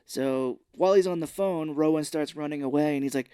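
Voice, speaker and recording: A man's voice: a little high, brisk, clear, resonant tone, no echo, clean studio sound. Man animatedly recapping a movie. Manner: animated storytelling, acts out scenes. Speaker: podcast co-host. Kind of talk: casual movie recap chat.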